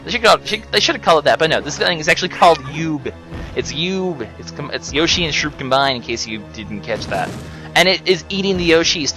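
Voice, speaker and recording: Over game music, a young let's play commentator with a slightly high, sharp voice delivers casual, sarcastic commentary on a video game playthrough, mocking and tossing in joking asides.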